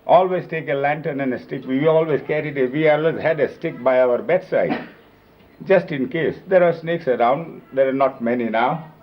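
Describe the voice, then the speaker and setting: A man telling lively, emphatic anecdotes about his time as a companion, recorded on old videotape. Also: mid-range voice, normal speed, slight background noise. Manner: lively, emphatic retelling with acted-out quotes. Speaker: storyteller recalling his years as a companion. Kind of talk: informal anecdotal storytelling. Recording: dull lo-fi 1970s reel-to-reel videotape.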